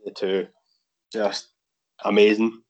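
A man's voice: on the low side, level tone, unhurried, muffled recording. A Scottish man, a guest on a podcast, chatting casually in a rambling way with frequent restarts. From Scotland. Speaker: guest, figure customizer.

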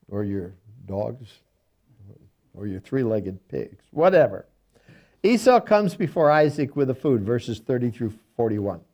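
Mellow-voiced man teaching Bible study. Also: mid-range voice. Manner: reads scripture aloud, then paraphrases it in folksy everyday speech.

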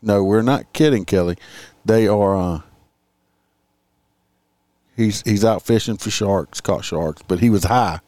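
A man's voice: fairly low pitch, unhurried, pauses often, warm tone, no room sound. A man hosting a casual livestream, reading out crime stories and chatting with his viewers in a sarcastic, profane, rambling way.

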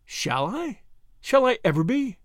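A hoarse, frightened woman with a soft and dangerous edge, as a man reading the story puts her on. Her voice swings widely between hushed and sharp. The recording is close and dry. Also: extremely high pitch, big pitch swings, measured pace, no room sound, pitched above the performer's own voice, heavily acted. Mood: fearful, menacing. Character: fading beauty, frightened, secretive woman.

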